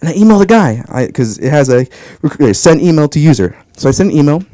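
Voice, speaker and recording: A young man doing open mic stand-up, telling a story and jumping into high voices when he quotes himself. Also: fast talker, no room sound, poor audio. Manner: animated, jumps into high voices for his own quotes. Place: comedy club stage.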